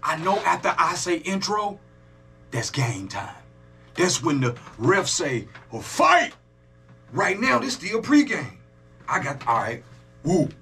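A man hosting a music reaction video, joking loudly and talking straight to his viewers in a casual, profane way. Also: on the high side, unhurried. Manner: animated, joking, profane, talks to his audience.

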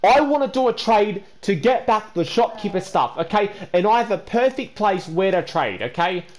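A man hosting a gameplay video, stammering and repeating words, then scolding another player loudly. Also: high voice, animated, moderate pace. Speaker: gaming channel host. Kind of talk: casual gameplay chat.

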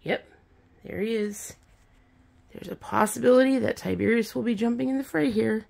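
Gravelly-voiced woman chatting to her cats. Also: a little high, normal speed, darkish tone. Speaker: vlogger. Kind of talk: casual pet vlog narration.

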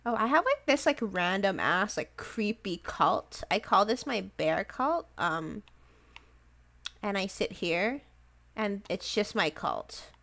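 A woman's voice: mid-range voice, expressive, takes it slowly, creaky, a bit bright. A woman streaming a game live, chatting casually and giggling often, with lots of "like" fillers. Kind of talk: casual livestream chat while playing a game.

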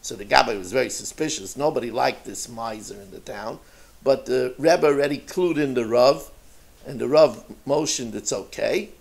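A man, a rabbi, telling a story in a sermon, with lively storytelling and dramatic voices. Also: mid-range voice, normal speed, creaky.

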